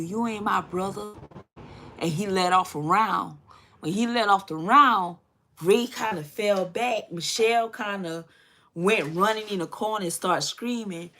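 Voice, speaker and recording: A woman's voice: mid-range voice, fairly bright tone. Woman vlogger, casual storytelling over makeup, loose and chatty. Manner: loose and chatty, many fillers and asides. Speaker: beauty vlogger.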